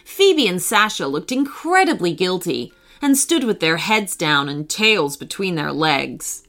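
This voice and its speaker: Slow, animated woman storyteller. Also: on the low side. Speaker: storyteller host. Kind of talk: scripted narration.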